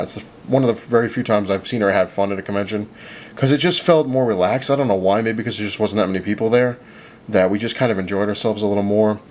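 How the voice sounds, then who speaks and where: A man's voice: fairly low pitch, a little mellow, a little hiss or hum. A young man chatting casually as a vlogger, rambling with lots of fillers and retelling conversations. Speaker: vlogger recapping a comic convention. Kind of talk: casual chat.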